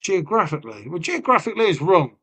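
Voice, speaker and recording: On his own live stream, a Lincolnshire man chats loosely, swearing freely, bantering with chat, trailing off and calling everyone "mate" and "innit" in a folksy way. His voice is high for a man, sing-song and fast, pushed, bright and slightly rough. The talk is casual live-stream chatter from someone born in Lincolnshire, England.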